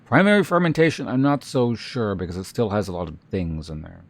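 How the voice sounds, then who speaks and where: A man's voice: on the low side, big pitch swings, a little fast. A man streaming, chatting casually with his viewers in a rambling way, with many restarts and filler words. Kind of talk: casual chat with live viewers.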